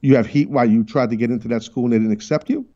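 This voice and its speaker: A man hosting a sports talk show, brash and animated, teasing his crew as he talks. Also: mid-range voice, fast, lo-fi sound. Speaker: radio show host.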